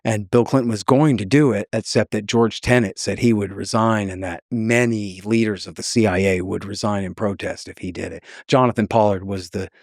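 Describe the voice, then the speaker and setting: A man's voice: lowish voice, steady tone, normal speed, hardly any pauses, darkish tone, no echo, studio quality. A man as a podcast guest, talking in a heated, mocking storytelling manner and acting out the voices of people he quotes.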